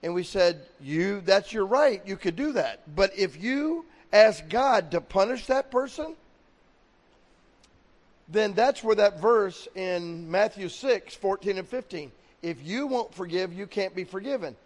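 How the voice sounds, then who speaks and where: A man delivering a sermon as pastor, his voice sitting high for a man. He slips into quoted voices as he preaches, and a long reverb rings behind him in a big hall. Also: animated, a little slow. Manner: preaching with acted-out quotes of God and people.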